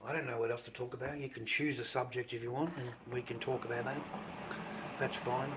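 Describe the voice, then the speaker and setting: A man's voice: medium pitch, steady tone, fairly quick, background noise. An Australian man rambling bluntly on his live stream, profane and dismissive, repeating himself and often dropping to a mutter.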